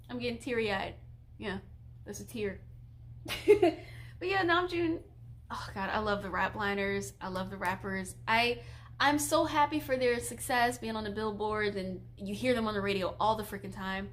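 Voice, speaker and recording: A young woman talks casually on a live stream, her voice sitting a little high and full of giggles. She gushes like an excited fan as she reads out viewer questions. A faint hum runs quietly under her voice. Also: moderate pace. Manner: chatty, giggly, gushing fangirl.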